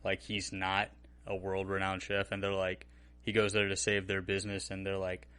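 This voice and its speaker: A man co-hosting a casual podcast with a somewhat low voice. He talks loosely and swears freely, slipping into acted-out quotes as he goes. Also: normal speed, clear, resonant tone. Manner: animated, profane, acts out quotes. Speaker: podcast co-host. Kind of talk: casual chat.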